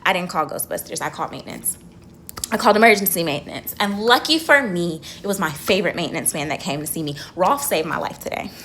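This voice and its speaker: A young woman vlogging from her car, telling a dramatic story in a casual, animated way and swearing freely. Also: fairly low pitch, fast talker, slight background noise.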